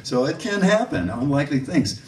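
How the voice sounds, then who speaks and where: A man giving a music clinic to a live audience, an animated storyteller who acts out the people he quotes. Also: on the high side, normal speed. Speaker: bass clinician. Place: room with an audience. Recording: roomy audio from a distant mic.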